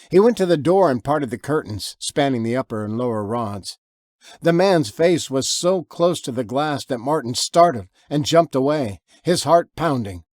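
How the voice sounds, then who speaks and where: A man narrating his own horror novel in an expressive, lively way. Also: no room sound, clean studio sound. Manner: lively, expressive reading, with low growled voices for the father. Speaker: author and narrator.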